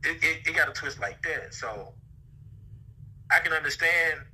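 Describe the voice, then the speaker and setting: A man's voice: fairly high pitch, animated, measured pace, sharp tone, a little hiss or hum, rough recording. A man from Mississippi with a Southern accent, chatting casually in profane, laid-back slang. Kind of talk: casual chat.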